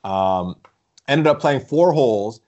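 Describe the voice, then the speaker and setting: A young man chatting casually as a podcast co-host, telling stories in a rambling, animated way with frequent laughs. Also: mid-range voice, slow, dull audio. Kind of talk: casual chat.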